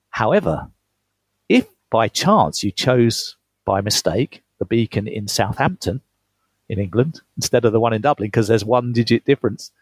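The guest here is an author, a man with a husky mid-range voice, being interviewed about his book. He tells travel stories in a chatty way, laughs frequently and restarts phrases partway through. No room sound is audible.

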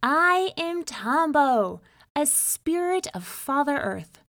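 A woman's voice: high-pitched, sing-song, slow, a bit bright, no room sound, studio quality, voice pushed up, full character voice. Tombo, a woman voicing a grave fish spirit. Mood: solemn. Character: solemn male fish spirit of the earth. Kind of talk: storybook narration.

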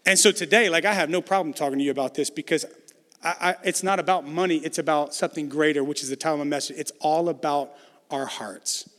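A man's voice: fairly high pitch, fairly even intonation, fast, a bit bright, long reverb tail. A man preaching a conversational sermon as pastor, building emphasis through repetition.

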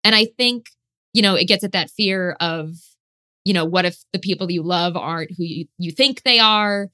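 A woman chatting casually as a podcast guest, excitable and swearing casually, filling her talk with "you know". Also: fairly low pitch, moderate pace, clean tone. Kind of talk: casual chat.

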